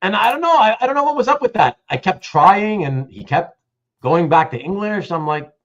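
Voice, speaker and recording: Lively, chatty man hosting a livestream. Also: high-pitched, moderate pace, dull audio. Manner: chatty, reads out viewer comments, many restarts. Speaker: host. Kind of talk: casual livestream chat.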